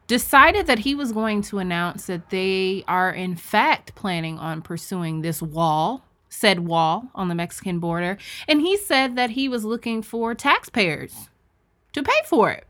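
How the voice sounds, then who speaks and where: A young woman co-hosting a casual podcast, frank and emphatic as she shares her week and her views. Her voice is bright and forward, and her pitch stays in a middle range. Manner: frank, emphatic, supportive interjections. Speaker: podcast co-host. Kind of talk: casual chat.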